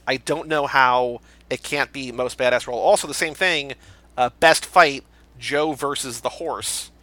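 Male podcast host, bright tone, brisk and animated movie chat. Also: mid-range voice.

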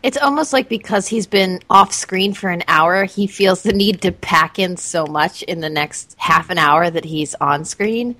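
A woman co-hosting a movie podcast, talking in an amused, relaxed way. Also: on the low side, unhurried, hardly any pauses, no room sound. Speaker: podcast co-host. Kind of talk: casual movie review chat.

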